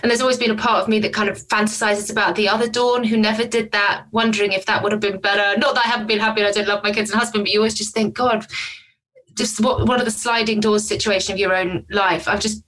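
Bright-voiced frank woman, candid chat. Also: mid-range voice, fairly even intonation, quick pace, poor audio. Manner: frank, self-deprecating, rambling. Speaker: guest. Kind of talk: candid conversation.

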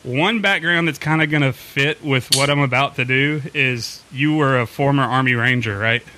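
A man's voice: medium pitch, normal speed, background noise. A man hosting a casual podcast chat, joking and laughing easily. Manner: jokey, laughs often. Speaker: podcast host.

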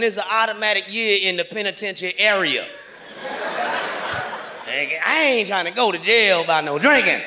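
High-pitched guy doing a stand-up set, loud and cussing, punchlines yelled over a roaring crowd. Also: noisy background. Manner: loud, profane, shouts punchlines. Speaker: stand-up comedian. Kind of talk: stand-up comedy routine. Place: comedy stage before a large audience. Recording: live show with loud roaring audience.

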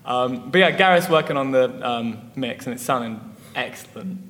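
A man's voice: medium pitch, animated, normal speed, fairly bright tone. Rambling young-sounding musician man, echoey hall. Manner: rambling, lots of fillers and laughs. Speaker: musician guest. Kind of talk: casual interview chat. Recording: echoey hall with faint noise.

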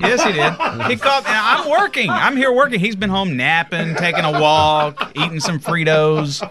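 A man's voice: fairly high pitch, moderate pace, over a noisy crowd. A man hosting a morning radio show, telling a story in a teasing, mock-exasperated way. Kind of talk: casual morning radio banter.

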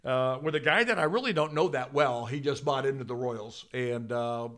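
An older man, a guest in a studio interview, telling a long anecdote in a lively, casual way with frequent swearing and bursts of laughter. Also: mid-range voice, normal speed. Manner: animated, swears freely, breaks into laughter.

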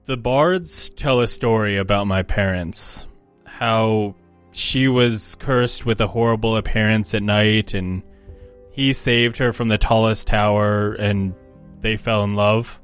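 A man voicing a grieving, earnest young male orc prince in a tabletop game, speaking in a halting, soft-spoken way. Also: fairly low pitch, fairly even intonation, clean tone, soft background music. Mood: wistful. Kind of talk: tabletop role-play in character.

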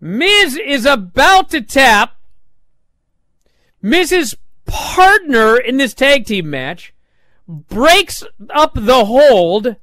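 A man with a high, lively voice recaps a show with sarcastic exasperation. He talks casually, piling on complaints. The sound is close and dry. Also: extremely slow, no room sound. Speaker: wrestling show reviewer.

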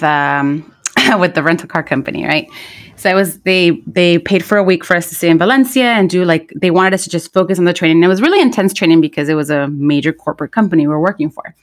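Woman co-host in her 30s, animated storyteller, casual bilingual chat. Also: on the low side. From United States. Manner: animated storyteller, imitates voices in quotes. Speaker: podcast co-host. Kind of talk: casual chat mixing English and Spanish.

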